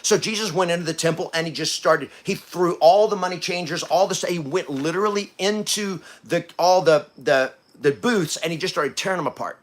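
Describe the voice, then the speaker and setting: Preachy high-voiced man. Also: a little fast, hardly any pauses. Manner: preachy, swings from quiet to loud; coarse language, blunt. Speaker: podcast host. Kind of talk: motivational talk.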